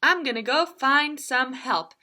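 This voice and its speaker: A woman voicing an eager, fretful male rhino with an itch he cannot reach, pleading and excited, in a children's story. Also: sits high, a little slow, exaggerated voice.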